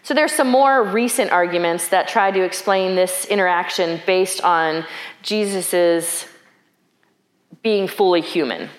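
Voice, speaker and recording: A woman's voice: fairly low pitch, unhurried, roomy sound. A woman preaching a sermon in a reflective, conversational way, thinking aloud and asking questions.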